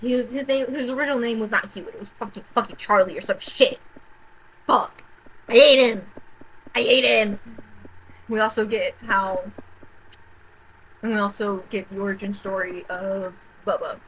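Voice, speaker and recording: A woman's voice: mid-range voice, fairly even intonation, normal speed, slightly rough, rough recording. Rambling, swearing woman ranting casually. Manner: rambling, profane, repeats herself, big swings between loud outbursts and mutters. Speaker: vlogger. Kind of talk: casual rant about horror movies.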